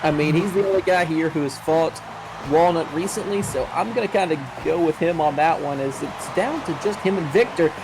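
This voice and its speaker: Measured, hedging male color commentator. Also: a little high, music in the background, low-quality recording. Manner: measured, hedging, many fillers like "you know" and "I mean". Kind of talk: live wrestling commentary.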